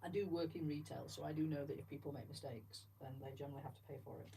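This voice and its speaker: A woman's voice: low-pitched, fairly even intonation, racing, creaky. A woman chatting in a rambling, self-deprecating way while she builds, talking to viewers. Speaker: livestream host building Lego. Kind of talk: casual chat while building. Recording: distant mic with faint background noise.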